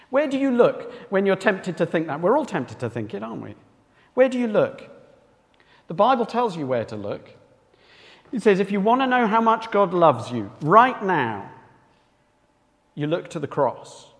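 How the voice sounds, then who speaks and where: A man's voice: sits high, big pitch swings, moderate pace, creaky. A man preaching a sermon with emphasis, often asking his listeners rhetorical questions. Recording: long reverb of a hall.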